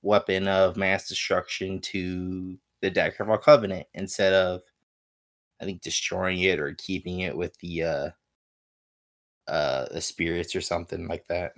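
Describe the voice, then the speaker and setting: A man's voice: sits low, little pitch movement, a little slow, a bit bright. A man co-hosting a casual gaming podcast, laid-back and hesitant, full of fillers as he recounts his play. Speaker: podcast co-host.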